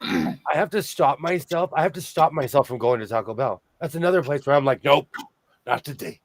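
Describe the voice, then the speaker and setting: A man's voice: fairly high pitch, brisk, dry recording. A man in his forties from California, hosting a rambling casual chat over a video call. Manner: rambling, chatty storyteller.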